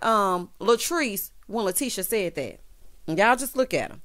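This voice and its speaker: A woman with a Southern US accent giving casual, sassy commentary on a reality show, peppering her talk with "honey" and "child" and swinging between loud outbursts and low asides. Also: expressive, a little slow. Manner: sassy, dramatic, keeps saying honey and child. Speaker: reality TV recap vlogger.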